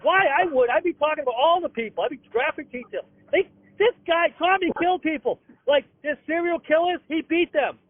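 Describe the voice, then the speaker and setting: Guy ranting, high voice, keeps restarting, sounds like a tinny phone line. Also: no room sound. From Boston. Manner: rapid, repetitive, stammering restarts. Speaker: comedian guest. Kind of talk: comic rant.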